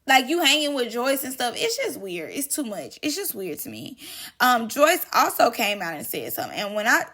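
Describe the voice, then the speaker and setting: A woman's voice: on the high side, fairly bright tone. A woman hosting casual gossip commentary, chatty and emphatic, drawing out her exclamations. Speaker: drama commentary host.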